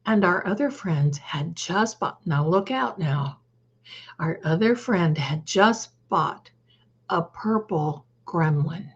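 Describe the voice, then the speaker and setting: Husky older woman telling stories on a livestream. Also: lowish voice, slow, lo-fi sound. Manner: chatty, animated, greets viewers by name. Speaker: livestream host. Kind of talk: casual storytelling to live chat.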